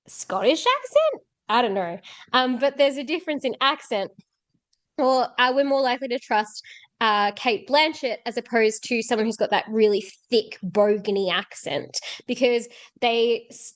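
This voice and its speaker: Woman, philosophy teacher, slightly high voice, reads and then unpacks a text in loose, thinking-aloud talk. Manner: thinks aloud with fillers and restarts. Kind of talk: reading a text aloud and explaining it.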